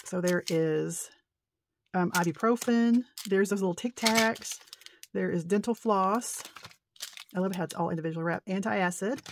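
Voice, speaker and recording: A middle-aged woman chatting her way through a crafting show-and-tell at a mid-range pitch. She gushes and rambles, tripping over her words when excited, with a faint hiss of noise underneath. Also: normal speed. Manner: excitable, gushing, rambling and tongue-tied. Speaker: paper-crafting vlogger. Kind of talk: casual show-and-tell chat.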